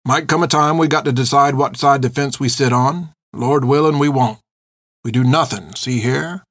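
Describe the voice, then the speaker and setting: A man's voice: mid-range voice, moderate pace, a bit bright, no room sound, clean studio sound. A man voicing a weary, plain-spoken older religious brother in an audiobook. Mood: grim.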